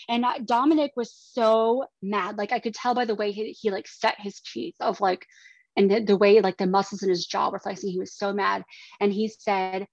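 A woman in her thirties, a podcast guest, giving personal testimony in an earnest, halting way. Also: fairly high pitch, fairly even intonation, no room sound. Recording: dry, slightly dull lo-fi sound.

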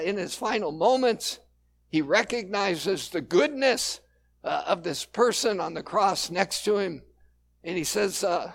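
A male pastor preaching a sermon in a relaxed, conversational storytelling way, with frequent fillers. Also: high voice.

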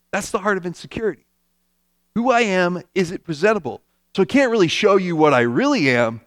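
A man's voice: on the high side, dry recording, clean studio sound. A man preaching a sermon as pastor, conversational and emphatic, repeating his key points.

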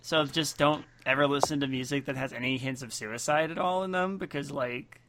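A man's voice: mid-range voice, a little fast, background noise. A man co-hosting a casual comedy podcast, reading out list items and riffing on them sarcastically. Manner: sarcastic, reads list items aloud and riffs. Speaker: podcast co-host.

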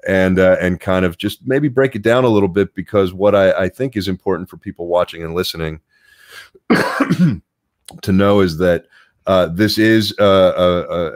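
A man's voice: deep voice, dry recording, clean studio sound. A man hosting a podcast, asking long rambling questions in a casual chat. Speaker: podcast host.

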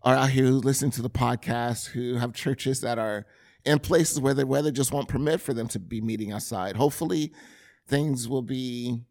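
A male pastor with a Californian English accent hosts his church podcast, giving an intro in an earnest, conversational way with touches of self-deprecating humor. His mid-range voice is darkish and moves at a moderate pace.

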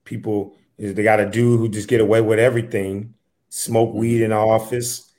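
A man's voice: fairly low pitch, little pitch movement, moderate pace, darkish tone, natural voice. A man playing a tired, aggrieved husband. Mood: exasperated. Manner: complaining, exasperated. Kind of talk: improvised comedy sketch.

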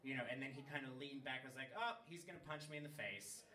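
With a mid-range voice and a quick pace, a man spins a long, funny anecdote in casual conversation, animated, swearing freely and laughing mid-story. The distant mic gives a roomy sound with a little hiss or hum.

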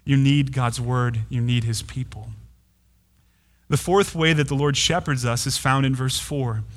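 A man's voice: mid-range voice, fairly even intonation, unhurried. A pastor giving a sermon, earnest and emphatic, repeating key phrases to drive his point home. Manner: earnest, emphatic preaching with repetitions.

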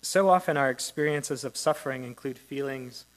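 A man's voice: medium pitch, normal speed, rough recording. A man preaching a sermon in a conversational, reflective way, often asking his listeners questions. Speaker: pastor.

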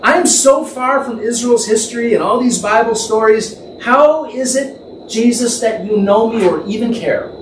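A man leads an informal Bible teaching, thinking out loud and imagining the scene as he goes. His voice sits high, and he often stops to correct himself. The recording is roomy and echoey, with the mic set well back and a faint hiss underneath. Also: moderate pace. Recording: echoey room, distant mic, faint background noise.

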